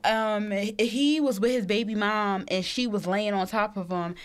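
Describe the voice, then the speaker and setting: A woman's voice: mid-range voice, steady tone, normal speed, clear, resonant tone. Exasperated, cussing woman co-host. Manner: profane, exasperated, emphatic. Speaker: podcast co-host. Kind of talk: casual chat.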